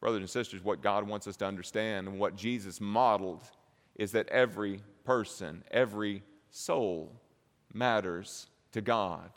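Man preaching in a reverberant hall. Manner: dynamic, swings from low and slow to loud and high. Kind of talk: sermon.

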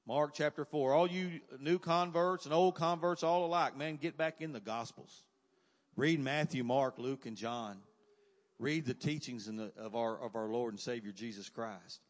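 A man preaching a sermon, moving from quiet asides to loud, emphatic cries. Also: medium pitch, in a large hall.

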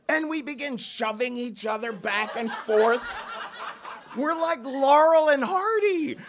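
A man from Ohio telling a story live in a small lounge, acting out the people he quotes with sudden jumps in pitch. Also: takes it slowly, background noise. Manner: animated, acts out quoted voices with sharp jumps in pitch.

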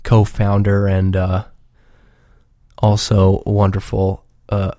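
A man with a lowish, warm, mellow voice, rambling loosely and cursing often as he chats on his own show. His delivery is relaxed and unpolished, recorded close and dry with no room sound. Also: slow pace, dry recording. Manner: profane, rambling, laid-back. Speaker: podcast regular. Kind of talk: casual rambling chat.

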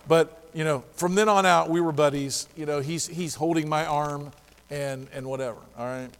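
A male pastor preaching a sermon, telling a story lively and acting out the dialogue. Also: a little high, normal speed, long reverb tail.

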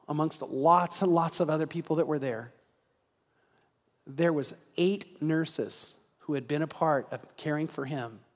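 A man preaching a sermon as pastor, telling a story and building to an earnest call to prayer. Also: a little high. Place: church sanctuary. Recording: reverberant church hall.

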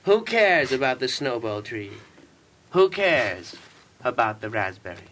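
A man's voice: mid-range voice, sing-song, measured pace, a bit bright, a little hiss or hum. A man giving a solemn, repetitive mock poetry recitation on a comedy radio show. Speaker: comedy troupe member.

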